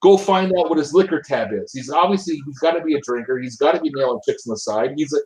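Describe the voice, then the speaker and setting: A man's voice: a little high, fast talker, a little mellow, echoey room, a little hiss or hum, lightly acted, low-quality recording. A man voicing an incredulous older male politician who scoffs in disbelief, in his own everyday voice.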